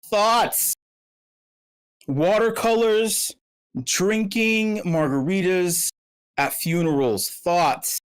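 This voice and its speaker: A man's voice: high-pitched, extremely slow, long pauses, smooth. A man hosting an online meetup, rambling through profane comic rants full of restarts and repeated words. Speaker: meetup host. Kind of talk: casual livestream chat.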